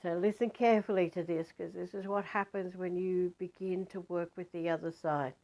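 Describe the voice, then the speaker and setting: Chatty woman, low voice. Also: steady tone, moderate pace, mellow. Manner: rambling, chatty, many fillers and restarts. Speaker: spiritual storyteller. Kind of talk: spiritual storytelling monologue.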